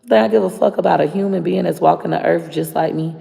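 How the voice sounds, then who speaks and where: A woman's voice: on the low side, fast talker, vocal fry, mellow, faint music behind. A woman with a Florida accent ranting bluntly and profanely to camera. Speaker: vlogger. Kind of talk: casual rant to camera. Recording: long reverb.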